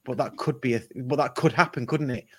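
Man, podcast host, casual football chat, rambling, mid pitch. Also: brisk, husky. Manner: rambling, restarts often, chuckles.

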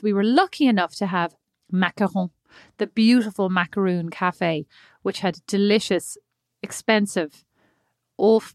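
A woman in her thirties telling lively personal anecdotes in a casual chat, laughing often. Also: mid-range voice, no room sound, clean studio sound. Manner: animated anecdotes, laughing often, acting out quotes.

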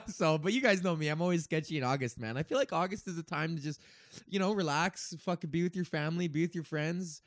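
A man's voice: fairly high pitch, fast talker, no echo, clean studio sound. A man of thirty, hosting his own podcast, rambles through a casual chat full of swearing and loose asides. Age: 30s. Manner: profane, meandering, laughs often. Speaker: podcast host.

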